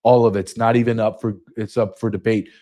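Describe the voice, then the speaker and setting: A man's voice: lowish voice, level tone, a little fast, warm tone. A man in his fifties from the United States, hosting a podcast monologue with an emphatic, repetitive way of speaking. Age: 50s. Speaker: podcast host.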